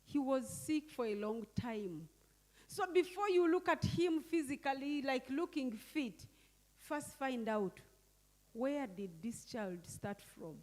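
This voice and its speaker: A woman teaches a workshop at a deliberately slow pace, stopping to quiz her listeners and have them repeat key words. Her voice rings out with a long reverb from a large hall. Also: high voice, animated, darkish tone. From Uganda. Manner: asks the audience questions and repeats key words. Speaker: workshop facilitator. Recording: echoey hall.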